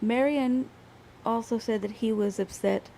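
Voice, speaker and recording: This woman talks slowly, taking her time through a history tale. Her voice is gravelly and sits a touch high. She laughs easily as she goes, in a relaxed podcast chat. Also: slight background noise, low-quality recording. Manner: slow storytelling, laughs often. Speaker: co-host reading a history story.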